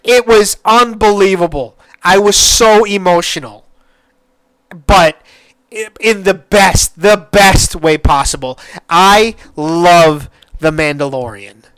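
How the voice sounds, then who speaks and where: A man hosting a solo podcast, gushing excitedly, cursing freely and stumbling over restarts. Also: high-pitched, clear, resonant tone, no echo. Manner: excitable, gushing, swears a lot, stammers and restarts. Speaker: podcast host.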